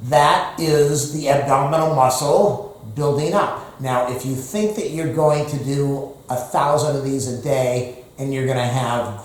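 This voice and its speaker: A man who is out of breath, counting exercise reps aloud between groans and rambling asides to the camera. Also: mid-range voice. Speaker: fitness vlogger. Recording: very echoey room.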